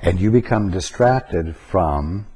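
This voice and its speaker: A man giving a spiritual teaching talk, slow and deliberate, pausing to stress single words. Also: low-pitched, expressive, warm tone, husky.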